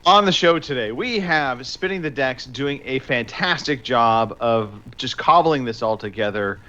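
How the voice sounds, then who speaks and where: An upbeat man hosting a podcast with a bright, forward tone. He teases his co-hosts, and his pitch moves a lot as he talks. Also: animated, measured pace, lo-fi sound. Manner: upbeat, teasing. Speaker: podcast host. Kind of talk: casual chat.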